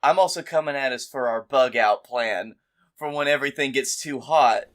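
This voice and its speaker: A man co-hosting a comedy podcast, chatting casually and dropping dry, quick comic asides. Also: medium pitch, fairly bright tone. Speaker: podcast co-host.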